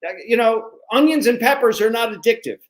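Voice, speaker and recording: Man, middle-aged, comic co-host, teasing banter, mock outrage, high voice. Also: a little fast, rough recording. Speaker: comedian co-host. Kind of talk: comic bickering chat.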